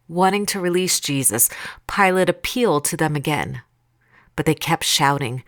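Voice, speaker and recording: A woman reading scripture aloud in a calm, deliberate, expressive way. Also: low voice, no echo, clean studio sound. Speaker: Bible reader.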